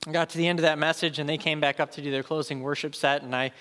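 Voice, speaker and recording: Brief: male pastor in his thirties, sermon storyteller, bright tone, long hall reverb. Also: on the high side, very fast. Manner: animated storyteller, acts out voices.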